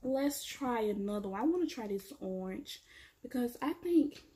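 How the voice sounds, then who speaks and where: A woman with kids doing a casual, chatty product review, excitedly addressing viewers as y'all. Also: a little high, moderate pace, slight background noise. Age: adult, has kids. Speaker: beauty vlogger.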